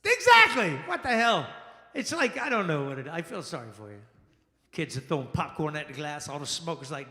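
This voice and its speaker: Animated high-voiced man doing stand-up. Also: fairly quick. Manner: animated, exclamatory, acts out quoted people. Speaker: stand-up comedian. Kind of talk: stand-up comedy set. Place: jazz lounge stage. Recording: echoey lounge with long reverb.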